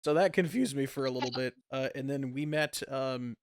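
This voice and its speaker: A man's voice: mid-range voice, a little fast, no room sound, clean studio sound. A man, a podcast co-host, telling stories in casual chat and laughing often. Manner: animated storytelling, laughs often.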